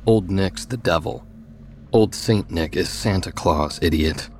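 A man's voice: sits low, a little slow, a little mellow, a little hiss or hum. A man voicing a cheerful, matter-of-fact know-it-all teenage boy in a spoken horror story.

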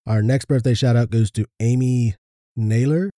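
A man co-hosting a podcast, reading birthday shout-outs in a low-key, flat delivery. His voice is very dark and mellow, recorded dry and close. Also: moderate pace, dry recording. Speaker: podcast co-host. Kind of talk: casual chat.

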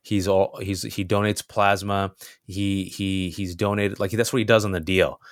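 A man telling a personal story in conversation, animated, acting out other people's lines with big jumps in pitch. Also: normal speed, no echo, studio quality. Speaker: guest.

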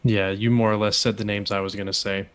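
A man co-hosting a casual podcast chat, playful and quick to chuckle as he poses questions. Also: on the low side, flat delivery, a bit bright, smooth. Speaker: podcast co-host.

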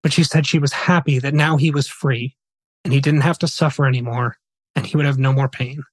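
A man's voice: mid-range voice, steady tone, a little fast, dry recording. A male podcast host earnestly retelling a somber true story, voicing quoted dialogue as he goes.

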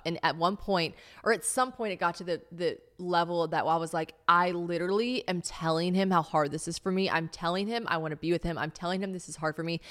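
A woman's voice: fairly low pitch, a bit bright. A young woman hosting a casual solo podcast, reading her old diary aloud with chatty, rambling, self-mocking asides. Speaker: podcast host.

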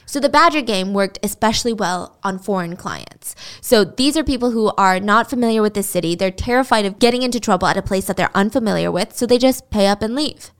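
A woman's voice: mid-range voice, a little fast, few pauses, clear, resonant tone. Chatty woman telling a story. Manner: chatty, laughs while telling. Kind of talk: casual storytelling.

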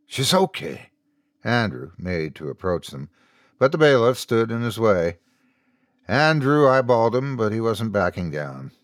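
Man, horror story narrator, low voice, animated pitch, slow reading, dry close studio sound. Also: no echo. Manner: slow, dramatic storytelling with wide pitch swings. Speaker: host and narrator.

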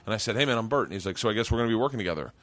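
A man's voice: lowish voice, racing, no echo. A middle-aged man hosting a podcast, telling stories in casual chat and acting out the people in them. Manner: animated, acts out quoted people in his stories. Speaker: podcast host.

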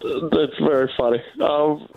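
A man's voice: a little high, steady tone, takes it slowly, vocal fry, narrow, tinny audio, a little hiss or hum. A comedian from Australia, a man chatting casually and laughing at himself. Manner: laughing, self-deprecating, chatty. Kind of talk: casual phone chat.

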